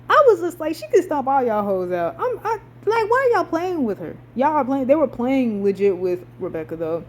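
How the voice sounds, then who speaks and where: Swearing young woman ranting. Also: medium pitch. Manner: animated, swears a lot, dramatic rising outbursts. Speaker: vlogger. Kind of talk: casual rant about a TV show.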